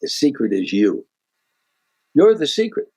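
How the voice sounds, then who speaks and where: A man's voice: a little high, wildly swooping pitch, measured pace, darkish tone, slightly rough. A man, a guest comedian on a podcast, telling stories and giving earnest motivational advice, often restarting his sentences. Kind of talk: podcast interview storytelling.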